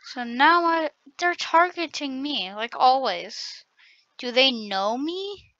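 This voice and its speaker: A woman hosts her own gaming video, commentating excitedly as she plays and trash-talks the other players. Her voice sits high and sounds bright and sharp, and she talks at an easy, unhurried pace. The recording is dry and dull, with a lo-fi quality. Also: no echo. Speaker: gaming channel host. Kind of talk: gameplay commentary.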